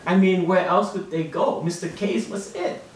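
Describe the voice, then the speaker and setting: A man reads his own short story to an audience in a fairly high, animated voice, taking on the lively tone of a boy narrator. The sound is very roomy, caught from well away from the mic. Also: moderate pace. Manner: voices a boy narrator, lively with rising pitch in quoted lines. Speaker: author reading his fiction. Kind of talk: public reading of a short story. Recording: roomy and distant, heard from across the room.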